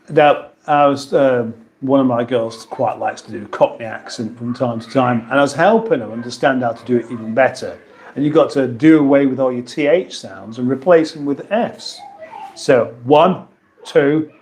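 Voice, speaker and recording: A man from England, speaking slightly slowly with frequent pauses, runs a relaxed kitchen live stream at home. In a medium-pitched, darkish voice, he reads out viewers' comments with dry, playful humor.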